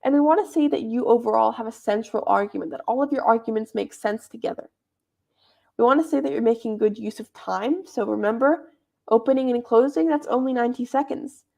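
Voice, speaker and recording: A woman's voice: a little high, brisk, vocal fry, a little mellow. A young woman leading a debate club workshop, explaining in a chatty, informal teaching manner. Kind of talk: explaining debate judging criteria.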